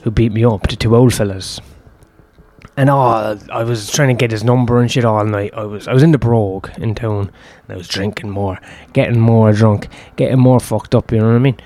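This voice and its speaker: A man's voice: on the low side, fairly even intonation, brisk, dark tone. A man, telling a long personal story in a rambling, profane, self-deprecating way. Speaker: host.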